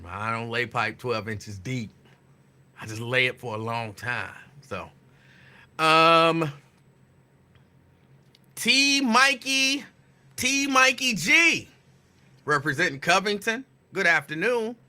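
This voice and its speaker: A man hosting a casual live talk show, greeting listeners by name and teasing them playfully with loud, emphatic bursts. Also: on the high side, lively intonation, slow pace, long pauses. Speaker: radio host. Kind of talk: casual live-show chat reading listener shout-outs.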